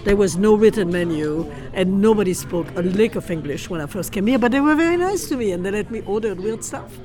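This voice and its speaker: A woman's voice: medium pitch, brisk, a crowd in the background. French-accented woman, chatty, crowded noise. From France. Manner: lively, emphatic, chatty. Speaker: food critic. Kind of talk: casual chat on location. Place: restaurants and car around a city.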